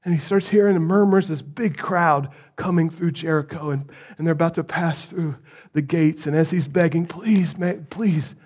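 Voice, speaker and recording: A man preaching a sermon, retelling the story dramatically and swinging from hushed tones to loud pleas, with rhetorical questions to the listeners. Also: a little high, steady tone, moderate pace.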